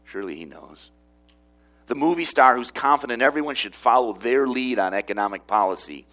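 A male pastor delivering a sermon in a relaxed, conversational tone. His pitch swings widely as he leans on rhetorical questions. The voice sits at an ordinary middle pitch for a man. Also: brisk.

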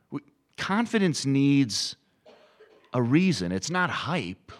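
A middle-aged man preaching a sermon, animated and storytelling, acting out quoted inner voices. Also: medium pitch, slow pace, long pauses. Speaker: pastor.

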